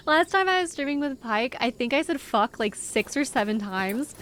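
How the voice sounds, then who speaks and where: A woman's voice: high voice, lively intonation, moderate pace, few pauses, a little hiss or hum. A young woman streaming a game live, chatting casually with her viewers in a rambling, giggly way. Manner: rambling, giggly, talks to chat.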